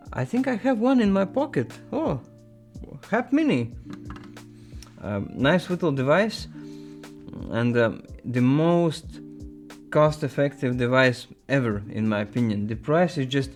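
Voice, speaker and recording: A man's voice: medium pitch, darkish tone. A man hosting a casual show, reading viewer emails aloud and adding playful asides. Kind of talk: casual chat.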